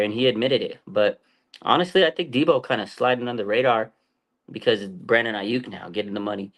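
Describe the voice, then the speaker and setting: A man's voice: lowish voice, fairly bright tone. A man hosting a fan sports show, talking in a loose, rambling way full of fillers and restarts. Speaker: fan channel host. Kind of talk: casual sports talk livestream.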